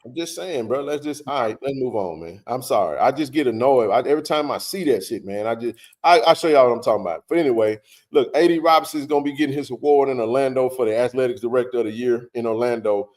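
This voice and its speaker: A man's voice: mid-range voice, quick pace, darkish tone. A man hosting a sports talk stream from a home setup. He rants in a heated, blunt way and swears often, in a casual conversational tone.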